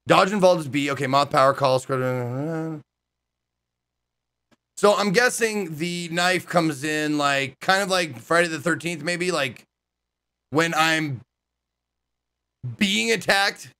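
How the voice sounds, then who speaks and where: A man's voice: fairly high pitch, slow, pauses often, pushed and bright. A man streaming a horror game, chatting and joking in casual commentary. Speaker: gaming streamer. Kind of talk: casual let's-play commentary.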